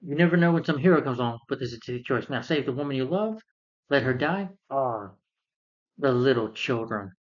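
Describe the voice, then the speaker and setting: A man's voice: mid-range voice, lively intonation, moderate pace, lo-fi sound, close to an everyday voice. A man voicing a menacing male goblin villain, taunting in a sing-song way.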